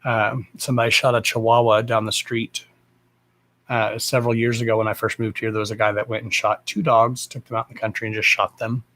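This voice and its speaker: A man's voice: lowish voice, flat delivery, brisk, sharp tone. A man hosting a livestream, talking in a blunt, rambling way and swearing freely. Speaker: psychic medium livestream host. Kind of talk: casual rambling live chat.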